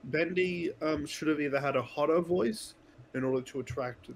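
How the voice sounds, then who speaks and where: A man's voice: fairly high pitch, moderate pace, vocal fry, slight background noise, low-quality recording. Man making dry jokes during a game. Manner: dry, joking. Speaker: co-player. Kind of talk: casual gaming banter.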